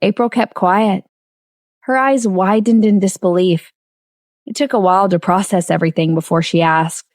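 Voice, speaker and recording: A woman narrating an audiobook novel in steady storytelling. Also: mid-range voice, moderate pace, dry recording, studio quality. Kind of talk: scripted narration.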